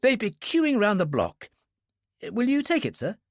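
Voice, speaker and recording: Man playing an earnest young bookshop assistant, gushing, lifted pitch, dry sound. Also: wildly swooping pitch, a little slow, dry recording, heavily acted. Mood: eager. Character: eager, studious young male bookshop assistant.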